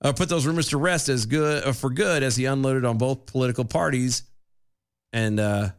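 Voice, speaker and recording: A man co-hosts a casual talk show at a middle pitch, reading news items aloud and breaking off with quick restarts. He talks in a relaxed, halting way. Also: clean tone. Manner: halting, restarts often, laughs between lines. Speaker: podcast co-host.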